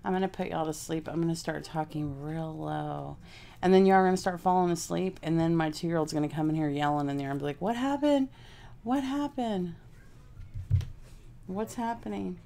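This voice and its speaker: A woman's voice: low-pitched, fairly even intonation, quick pace, vocal fry, mellow, clear, resonant tone. A woman from Texas, chatting casually with live viewers while she works on a craft project and thinks aloud. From Houston, Texas. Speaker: craft vlogger.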